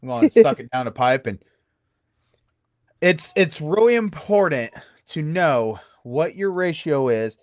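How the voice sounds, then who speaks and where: Give me a lively man storyteller, voice jumping high and low, close and dry. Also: measured pace, no echo. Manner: playful, swings between high and low voices. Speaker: guest haunt actor. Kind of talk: animated storytelling chat.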